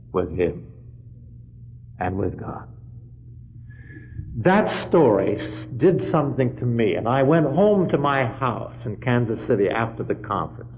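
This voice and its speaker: A man preaching a storytelling sermon, retelling a story full of "he said" and swelling to loud, emphatic peaks. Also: medium pitch. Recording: dull lo-fi sermon recording.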